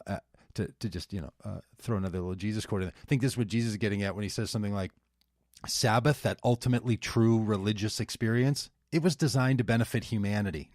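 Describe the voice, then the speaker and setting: A man's voice: on the low side, a little mellow, dry recording, clean studio sound. A man hosting a casual conversation who thinks aloud in a reflective way. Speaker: host.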